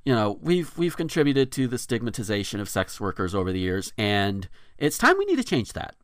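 A man hosts a casual podcast, reading news items aloud and stopping to comment, with plenty of fillers and restarts. His pitch moves around a lot. The sound is dry and close. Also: wildly swooping pitch, a little fast, no room sound. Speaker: podcast host.

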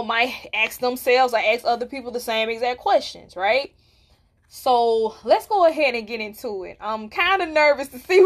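A woman talks straight to her podcast listeners. Her voice is bright and forceful and sits a little high. She speaks bluntly and keeps asking whether they understand what she means. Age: 20s. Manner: candid and blunt, with rhetorical check-ins. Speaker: podcast host. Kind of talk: casual solo podcast talk.

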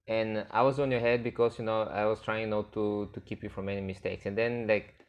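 A man's voice: fairly low pitch, level tone, smooth. A man hosting a podcast, speaking as a with frequent restarts and loose grammar. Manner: halting, many restarts, non-native grammar. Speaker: podcast host and coach. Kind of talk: casual interview chat.

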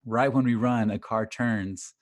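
A man in his thirties, a podcast guest, telling animated stories with lively quoted voices. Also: on the low side, measured pace, dry recording. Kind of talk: casual chat.

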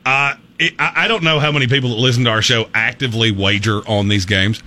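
A man's voice: medium pitch, fast. A man hosting a casual sports talk show, joking and laughing as he talks. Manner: jokey, animated, laughs often. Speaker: sports radio host.

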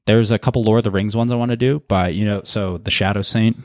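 A man's voice: on the low side, steady tone, fast talker, darkish tone, no room sound, clean studio sound. A man hosting a podcast in a laid-back, casual chat and swearing freely. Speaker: podcast host.

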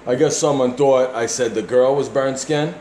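A man with a New York accent and a deep voice, hosting a casual podcast and bluntly reading listener emails with plenty of swearing. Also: normal speed, mellow, echoey room, slight background noise. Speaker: podcast host.

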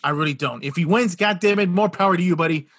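A man co-hosting a boxing podcast, chatting casually and excitedly, swearing and repeating himself as he makes his picks. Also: high-pitched, fast, no echo, studio quality. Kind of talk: casual chat.

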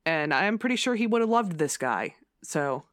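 A woman's voice: sits low, sing-song, normal speed, a bit bright, no room sound, studio quality. A woman co-hosting a casual true-crime chat, chiming in with reactions and comments. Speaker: podcast co-host.

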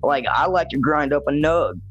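A man's voice: fairly high pitch, moderate pace, fairly bright tone, highs cut off, faint music behind. A man, a podcast co-host, telling a casual, profanity-laced story and often adding "right?". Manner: laid-back, profane storytelling with frequent "right?". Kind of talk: casual chat.

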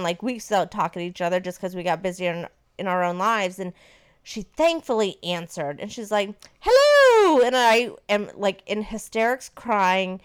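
A woman's voice: mid-range voice, smooth. Chatty woman telling a story. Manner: chatty, animated, swears casually. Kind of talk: casual storytelling chat.

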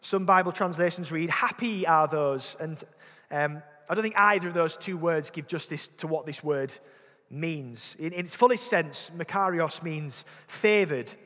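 Slightly slow and fairly high-pitched, this Yorkshire-accented preacher has a pushed, bright voice. He earnestly addresses the congregation with questions, repeating words as he thinks it through, while the church's long reverb trails behind him.

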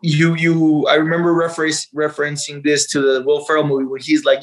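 Guy rambling about dad life, stumbles over words a lot, slightly high voice. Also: completely flat delivery, a little fast, poor audio. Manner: rambling, repeats words, acts out quotes. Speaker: interview guest, father. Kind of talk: casual storytelling chat.

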